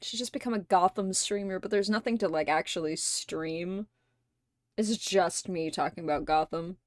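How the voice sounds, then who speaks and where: A woman hosting a casual livestream chat with viewers. She laughs constantly, swears freely and gushes like an excited fan. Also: lowish voice, moderate pace, no echo, studio quality. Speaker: streamer host.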